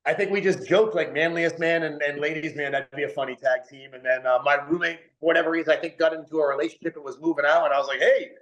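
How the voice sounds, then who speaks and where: On the high side and a bit bright, his voice runs fast with few pauses and fairly even intonation. He's a podcast guest from New England, rambling in casual interview chat and leaning on "like" and "dude," recorded in an echoey room.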